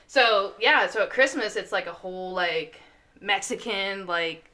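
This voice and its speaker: A woman's voice: medium pitch, a little slow, sharp tone. A woman chatting casually on a podcast, telling family stories with many filler words. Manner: chatty storyteller, lots of "like" fillers. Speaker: guest.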